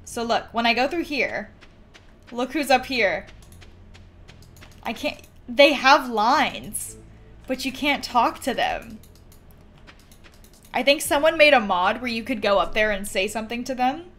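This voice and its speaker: A woman chatting casually as she streams a game, reacting out loud and talking to her chat. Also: a little high, animated, measured pace, pauses often.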